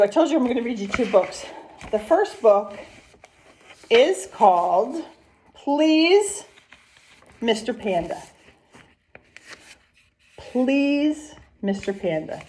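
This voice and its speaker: A woman preschool teacher leading a recorded lesson and read-aloud, gentle and sing-song, asking the children questions. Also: fairly high pitch, a little hiss or hum.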